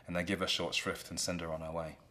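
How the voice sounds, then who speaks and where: A man retelling a play in a relaxed, conversational way. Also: deep voice, fast talker, a little hiss or hum. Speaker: storyteller.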